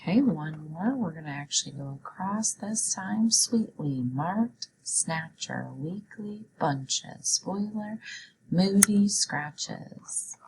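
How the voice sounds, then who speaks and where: Slow, low-voiced woman teaching phonics. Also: lively intonation, a little mellow, a little hiss or hum, poor audio. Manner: slow, clear, encouraging teacher talk. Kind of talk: phonics lesson for young children.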